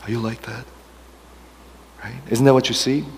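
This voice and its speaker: A man's voice: mid-range voice, level tone, moderate pace, darkish tone, a little hiss or hum. Man preaching in an echoing hall. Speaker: pastor. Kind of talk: sermon.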